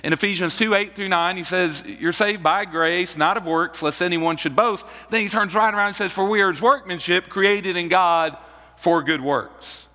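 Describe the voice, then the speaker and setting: A man preaching a sermon as pastor, slow and deliberate, repeating key phrases for emphasis. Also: sits high, sharp tone, in a large hall.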